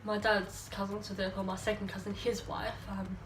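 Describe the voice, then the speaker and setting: A slightly tipsy young Australian woman, a beauty vlogger, rambles and chats to herself while doing her makeup in her ring-lit bedroom. Her medium-pitched voice is fairly quick with little pitch movement, and the phone camera held at a distance gives a roomy sound over a noisy background.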